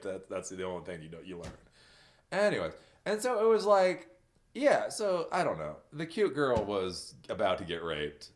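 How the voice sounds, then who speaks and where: A man streaming a casual rant, laughing often and jumping into loud mocking voices as he answers chat. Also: on the low side, wildly swooping pitch, moderate pace. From New Zealand.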